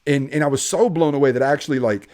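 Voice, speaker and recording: A man's voice: medium pitch, very fast. A man from Ohio, a police officer, telling stories in a casual podcast chat and acting out the voices of the people in them. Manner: animated, acts out voices in his stories.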